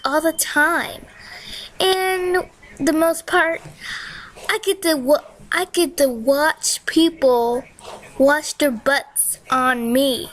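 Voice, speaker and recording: A woman's voice: high-pitched, a bit bright. A woman voicing a weepy, congested water spirit in a comic monologue, complaining in an overly emotional way.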